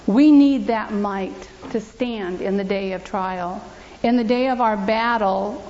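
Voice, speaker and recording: A woman's voice: a little high, darkish tone, a little hiss or hum. A woman giving an earnest, emphatic church testimony, repeating scripture aloud, in a church. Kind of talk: testimony and preaching. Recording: dull lo-fi recording.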